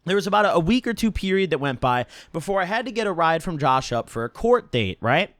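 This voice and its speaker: A man's voice: a little high, very animated, fast, fairly bright tone, no echo, studio quality. A young man casually telling a rambling, profane story from his own life and tagging his sentences with "right?". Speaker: storytime vlogger.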